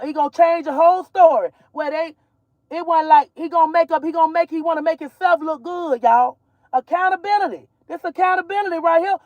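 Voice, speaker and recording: A woman's voice: extremely high pitch, dry recording, muffled recording. A woman from Georgia vents in a heated, profane rant to her viewers. She talks bluntly and cuts in with asides, recorded dry and close from inside a car. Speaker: mother vlogger. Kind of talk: casual ranting vlog. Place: in a car while driving.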